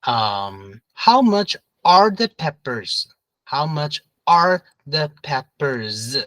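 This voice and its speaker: A man's voice: fairly high pitch, very animated, extremely slow, sharp tone, no room sound, rough recording. A man teaching an English review lesson, patiently repeating questions and prompting students to answer together.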